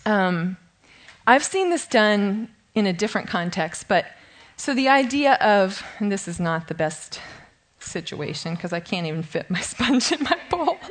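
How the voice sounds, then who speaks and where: A woman's voice: mid-range voice, animated, a little slow. Chatty woman teaching a Bible study. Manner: chatty, self-deprecating, laughs often. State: shaky from nerves. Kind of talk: informal teaching talk.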